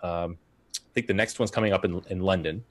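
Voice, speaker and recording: Low-voiced man hosting a chatty podcast. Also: fairly even intonation, fairly quick. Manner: rambling, chatty storytelling. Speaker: podcast co-host. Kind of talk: casual podcast chat.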